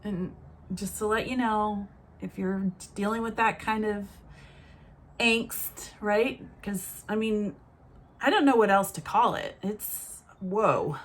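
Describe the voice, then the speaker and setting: A woman's voice: medium pitch, takes it slowly. A woman in her forties talking frankly and reflectively to her viewers in a casual, motherly monologue. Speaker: vlogger.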